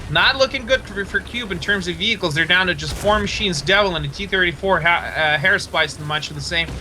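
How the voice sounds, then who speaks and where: A male esports caster with a very bright, cutting voice set a little high. He calls a live tank match excitedly, laughing and tripping over hard player names. A faint hiss sits under him. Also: brisk.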